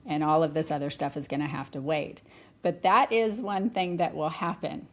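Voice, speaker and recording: A middle-aged woman talking candidly on a podcast, animated and often laughing. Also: low-pitched, normal speed. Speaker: podcast guest. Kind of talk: conversational podcast talk.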